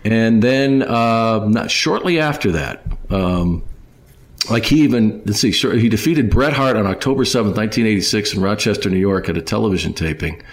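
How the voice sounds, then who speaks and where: A podcast host with a fairly low voice and lively intonation chats casually, rambling with many pauses and restarts. He addresses his listeners as folks.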